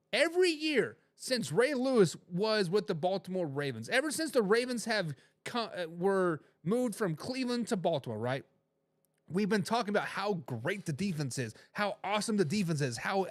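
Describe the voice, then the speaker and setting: A man hosting a casual sports talk show, rambling in an animated way, swinging between loud and low, and talking straight to his viewers. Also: no echo. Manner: addresses viewers directly.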